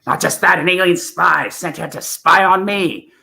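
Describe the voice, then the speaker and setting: The Doctor, breathless and shrill. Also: male voice, steady tone, normal speed, gravelly, bright, forceful tone, full character voice. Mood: accusing. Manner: breathless, theatrical, swooping high. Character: eccentric male time-travelling alien Doctor. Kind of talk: amateur impression.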